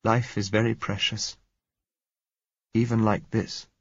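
A man reading a quiet, earnest girl under twenty, who speaks softly and a little unsteadily, pleading. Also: on the low side, flat delivery, takes it slowly, husky, no room sound, highs cut off, pitched above the performer's own voice, full character voice.

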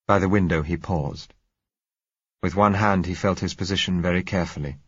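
A man narrating an audiobook in a measured, dramatic reading. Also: sits low, steady tone, husky, no echo. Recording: dull, dry recording.

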